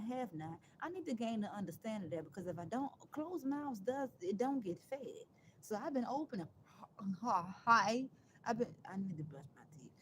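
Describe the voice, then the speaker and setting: A woman's voice: on the high side, a little hiss or hum, rough recording. Emphatic, sarcastic woman livestreaming. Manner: emphatic and sarcastic, swings between loud outbursts and quiet asides; rambling, repeats and restarts phrases. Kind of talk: casual live-stream monologue.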